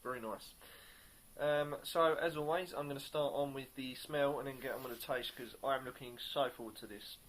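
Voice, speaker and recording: A man reviewing a beer on camera in a casual, upbeat way, pausing often to search for words. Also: medium pitch, fairly even intonation, a bit bright, slight background noise. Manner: upbeat and enthusiastic.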